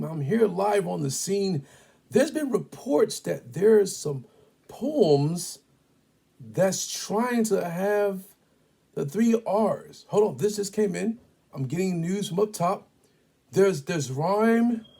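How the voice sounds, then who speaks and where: A man's voice: sits high, creaky, warm tone, husky, pitched above the performer's own voice, full character voice. A man playing an eager TV field reporter in a classroom skit, with mock-urgent delivery.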